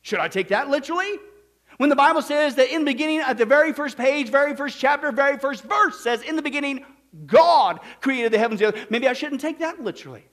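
A man's voice: very high voice, expressive, quick pace, a bit bright. A man preaching a sermon, reading verses and putting emphatic questions to the congregation. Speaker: pastor.

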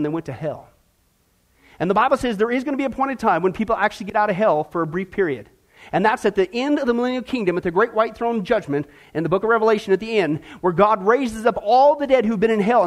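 A man preaching a sermon fervently, dropping low for emphasis and rising into excited runs. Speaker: pastor.

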